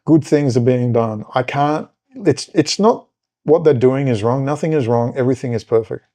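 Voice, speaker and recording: A middle-aged man from Australia talks as a podcast host in a loose political monologue. He rambles, with lots of fillers and side stories. His voice is warm, mellow and mid-pitched. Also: normal speed. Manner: rambling, conversational, many fillers and asides.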